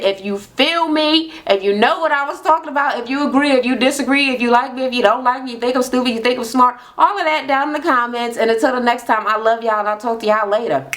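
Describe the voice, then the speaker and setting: A woman recapping a reality show in a casual vlog, chatty and blunt, swearing freely and acting out quotes in a higher voice. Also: a bit bright.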